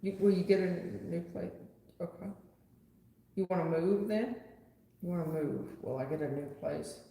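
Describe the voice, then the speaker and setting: A woman's voice: on the low side, moderate pace, mellow. A woman hosting a live tarot stream, chatting casually in a blunt, rambling way with some swearing and frequent laughter. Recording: very echoey room with long reverb.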